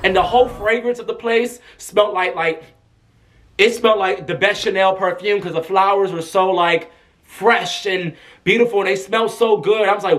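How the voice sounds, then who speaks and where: A man telling an excited storytime vlog, animated, breaking into shouts as he talks. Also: high voice, moderate pace. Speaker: vlogger.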